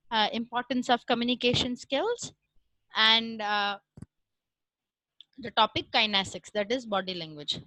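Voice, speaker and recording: Bright high-voiced woman lecturing. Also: no room sound, rough recording. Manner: explains step by step with frequent "uh" pauses and "right?" checks. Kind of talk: recorded classroom lecture.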